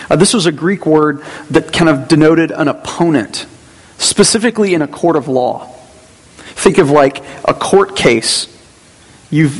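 A man preaching a Sunday sermon as pastor in a church, in a conversational way with asides and restarts. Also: fairly high pitch. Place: church sanctuary. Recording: long hall reverb.

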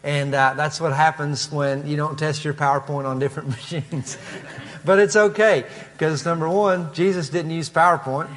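A man's voice: on the high side, fairly even intonation, normal speed, fairly bright tone, big-room sound. A man with a Kentucky accent preaching a conversational expository sermon, with asides and frequent fillers. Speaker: pastor.

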